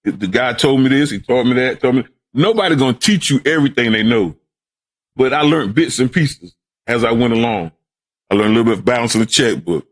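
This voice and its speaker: Speaking fairly quickly in a mid-range voice, an older Brooklyn man guests on the podcast his child hosts, telling stories conversationally. He repeats words often and does impressions of the people in his tales.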